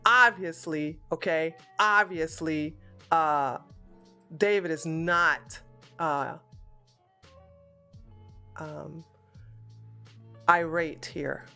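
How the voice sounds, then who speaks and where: A woman's voice: low voice, steady tone, drawn-out words, creaky, pauses often, bright, forceful tone, soft background music. A woman streamer giving blunt, casual commentary on a political clip, swearing freely and talking animatedly.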